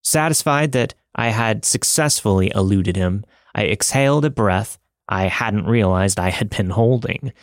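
Man, lowish voice, dry close studio sound; reads horror stories with dramatic, measured pacing. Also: no echo. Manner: dramatic, measured storytelling delivery. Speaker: podcast story narrator. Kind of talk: scripted narration of listener stories.

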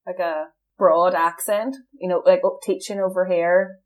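A woman's voice: lowish voice, fairly even intonation, normal speed, a little mellow. A young woman co-hosting a podcast, chatting casually and laughing often. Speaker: podcast co-host. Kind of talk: casual chat.

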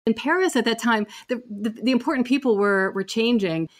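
A woman guest explaining history in a measured way, often repeating words as she goes. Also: a little high. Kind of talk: explanatory storytelling.

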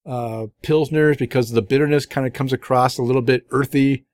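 A man's voice: medium pitch, steady tone, brisk, darkish tone. A middle-aged man hosting a podcast, chatting casually and enthusiastically about beers he has tried, rambling with fillers and restarts. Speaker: beer podcast host. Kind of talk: casual beer review chat.

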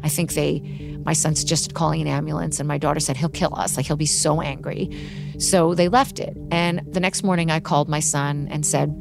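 Her voice sits low and creaky as this middle-aged woman speaks in an interview. Recounting a painful experience from her life, she's emotional and halting and keeps restarting.

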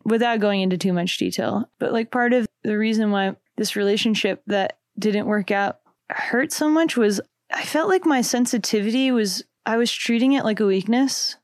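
A young adult woman and musician guest, talking reflectively in a casual interview, with many "like"s and soft laughs. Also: medium pitch, moderate pace, no echo, clean studio sound.

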